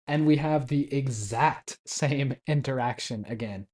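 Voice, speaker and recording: A man in his twenties tells a travel story casually, chatting and laughing a lot and acting out quoted Japanese phrases. His voice is mid-range with a darkish tone, and he speaks a little slowly.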